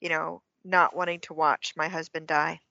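A woman playing a tabletop game, speaking in an unhurried, thoughtful way with fillers. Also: sits low, level tone, gravelly, bright, forceful tone, dry recording, lo-fi sound. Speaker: player. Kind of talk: casual tabletop game talk. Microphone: online voice call.

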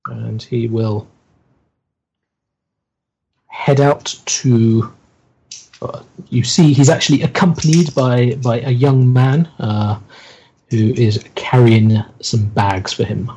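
Slow, husky-voiced male game master. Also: mid-range voice, fairly even intonation, mellow, highs cut off. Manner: slow, hesitant, lots of ums. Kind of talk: narrating a tabletop horror game.

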